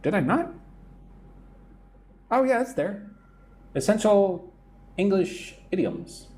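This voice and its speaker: A man's voice: high-pitched, big pitch swings, slow, darkish tone, a little hiss or hum. Chatty American man teaching English live. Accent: General American. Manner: chatty, reads viewer comments aloud and answers them. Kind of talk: live-stream English lesson reading chat comments.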